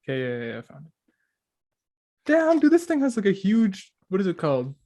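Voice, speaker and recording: A young man hosting a casual podcast, easygoing, asking quick questions between laughs. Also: high-pitched, huge pitch swings, dark tone. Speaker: podcast host. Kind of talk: casual chat.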